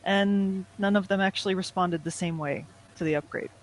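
A man with a high-pitched voice, just out of bed, co-hosting a casual podcast. He grumbles through his stories in a joking way, laughing along the way. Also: steady tone, normal speed, low-quality recording. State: just woke up, voice lower than usual. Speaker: podcast co-host. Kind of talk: casual chat.

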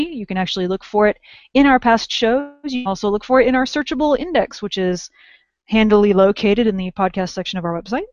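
A woman's voice: medium pitch, dry recording. A woman co-hosting a podcast in casual chat, wry and self-mocking as she explains crafting tips. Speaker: podcast co-host. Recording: dull lo-fi dry podcast audio.

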